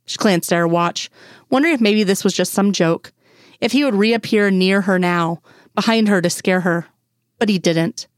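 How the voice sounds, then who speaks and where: A woman reading fan fiction aloud in a steady, even storytelling manner. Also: mid-range voice, moderate pace, no room sound, clean studio sound. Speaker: audiobook reader. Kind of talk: scripted narration of fan fiction.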